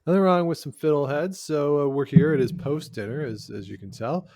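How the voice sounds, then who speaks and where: A man's voice: on the high side, brisk, creaky, a little mellow, no room sound, clean studio sound. A man co-hosting a podcast in casual chat, jokey and talkative, with filler "uh"s. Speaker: podcast co-host. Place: lives in Canada's capital.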